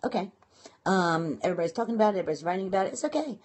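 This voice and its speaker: A woman with a Brooklyn accent talking casually to viewers on a live stream, quick and chatty with lots of fillers and restarts. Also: on the low side, a little mellow. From Brooklyn, New York. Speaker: blogging and marketing coach. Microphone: phone or webcam live stream.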